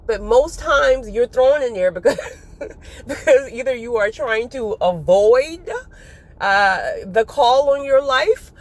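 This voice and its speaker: A woman giving a casual spiritual talk to her viewers, animated and often breaking into laughter. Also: a little high, slow. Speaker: faith vlogger.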